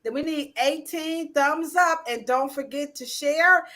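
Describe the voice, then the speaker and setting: Female livestream host, bright, playful, teasing banter. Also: high-pitched, a little slow. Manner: playful, teasing, slangy, mock-scolding asides. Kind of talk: casual livestream chat.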